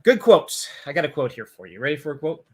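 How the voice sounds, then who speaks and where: A man hosting a casual film review chat, joking and animated, often restarting his sentences. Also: a little high, fast, breathy edge. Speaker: podcast host reviewing a film.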